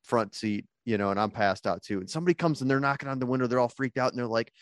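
A man's voice: medium pitch, fast, dry recording, clean studio sound. A man, a band frontman, telling road stories as a guest in a casual podcast chat and acting out what people said. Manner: animated storyteller, acts out quotes.

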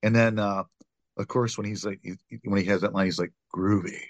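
Low-voiced man co-hosting a podcast. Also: steady tone, brisk, no echo. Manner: enthusiastic, laughs often. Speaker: podcast co-host. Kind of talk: casual chat.

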